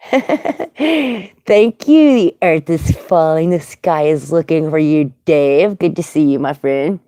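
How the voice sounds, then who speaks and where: A woman's voice: deep voice, slow pace, warm tone, no room sound, studio quality. A woman hosting a casual livestream, chatty and greeting viewers by name. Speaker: livestream host.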